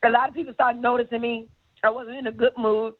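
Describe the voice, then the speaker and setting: A high-pitched, middle-aged woman tells her story as an interview guest. She speaks bluntly and emphatically, swearing freely. The sound is thin and tinny, like a phone line. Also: little pitch movement, quick pace. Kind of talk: candid storytelling.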